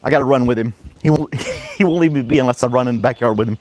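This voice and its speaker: Quick and lively with few pauses, a man's darkish mid-range voice keeps up casual chat as he plays with his dog in the backyard. A vlogger and podcast host, he chuckles a lot and gives the dog playful commands.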